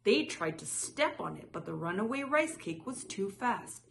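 A woman reading a children's picture book aloud in a soft, measured way. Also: medium pitch, big pitch swings, gravelly, a little hiss or hum. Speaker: storyteller.

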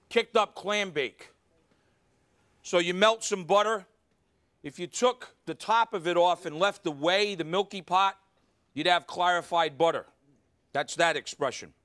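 Exuberant high-voiced man hosting a cooking show. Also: a bit bright. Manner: exuberant, talks straight to the studio audience. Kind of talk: live cooking demonstration. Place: TV studio kitchen. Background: faint studio audience.

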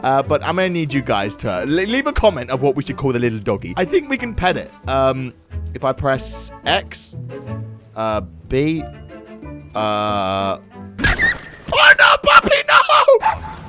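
Brief: young let's-play host, loud jokey energy, very lively pitch, game soundtrack underneath. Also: male voice, moderate pace. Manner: excitable, jokey, swings between shouting and muttering. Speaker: gaming YouTuber. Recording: game music playing behind. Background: game music.

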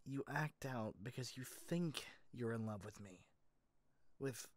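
A man speaking in a whispered role-play, soft and hesitant, often stopping to restart his sentences. He talks slowly at a middle pitch. The recording is dry and close, with no room sound. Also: no room sound. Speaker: ASMR role-play voice actor.

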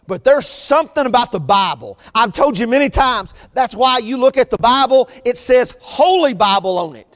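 A man preaching an earnest sermon as pastor of his church, repeating his points in a steady preaching cadence. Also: extremely high pitch, moderate pace, few pauses, in a large hall. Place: church sanctuary.

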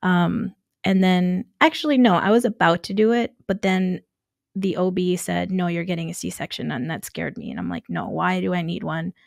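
A woman who grew up in Nicaragua, telling her story as a podcast guest, animated and laughing often as she acts out quoted dialogue. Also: on the low side, normal speed, vocal fry, dry recording, clean studio sound. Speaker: guest, construction entrepreneur. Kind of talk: casual storytelling interview.

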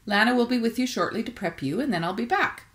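A woman voicing a brisk dental receptionist. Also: fairly high pitch, expressive, fairly bright tone, voice pushed up.

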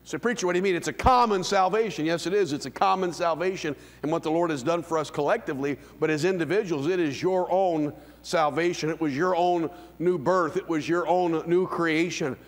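A man in his fifties preaching a sermon as pastor, dropping to hushed low lines and rising to loud, high calls. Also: a little fast, few pauses. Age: 50s. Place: church sanctuary. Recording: long hall reverb.

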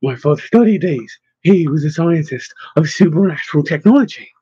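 A man's voice: a little high, animated, a little fast, dark tone, husky, no echo, muffled recording. A man voicing a cheerful, worldly male bard who talks in riddles, in a storybook. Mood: genial.

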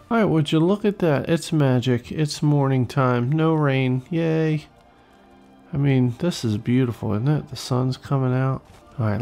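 A man giving excitable, swearing gameplay commentary as host, talking to enemies as he plays. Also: medium pitch, gravelly. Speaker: let's play host.

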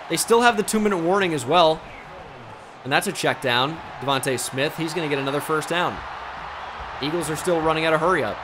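A man's voice: fairly high pitch, expressive, brisk, noisy background. A young man commentating his own video game as a gaming YouTuber, switching between mock play-by-play and frustrated outbursts.

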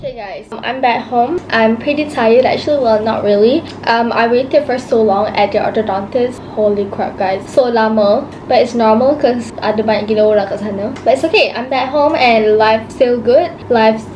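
A woman with a Malaysian accent chatting casually to her vlog audience, excitable and talkative, mixing in Malay words. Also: fairly high pitch, normal speed, hardly any pauses, dull audio, slight background noise. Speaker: vlogger.

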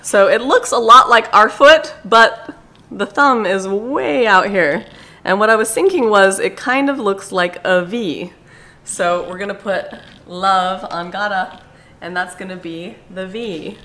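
A woman's voice: medium pitch, a little slow, pushed and bright. A woman hosting a casual vlog at an animal park, chatting bubbly to the camera and cooing and squealing at baby animals.

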